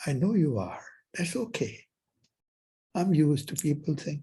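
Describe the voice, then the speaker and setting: A man's voice: a little high, animated, measured pace, warm tone, husky. A man giving a university lecture as professor, telling stories and acting out the dialogue. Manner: storytelling, acts out dialogues. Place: lecture hall.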